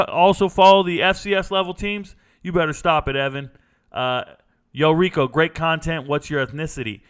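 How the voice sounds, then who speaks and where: A man's voice: a little high, fairly bright tone, clear, resonant tone. A man hosting a casual sports livestream, running through scores and answering viewer questions in a loose, blunt, slangy way. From United States. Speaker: sports show host.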